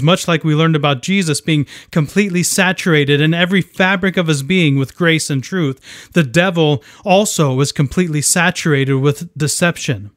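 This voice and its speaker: A man giving a scripted devotional Bible teaching in a measured, earnest way, reading scripture aloud. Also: a little high, fairly bright tone, dry recording, clean studio sound.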